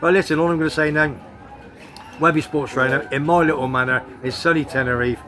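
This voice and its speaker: A man's voice: on the high side, fairly even intonation, a little fast, bright, forceful tone, faint music behind. A man hosting a casual football chat show, talking in a chatty, rambling way with restarts. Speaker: host. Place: home in Tenerife.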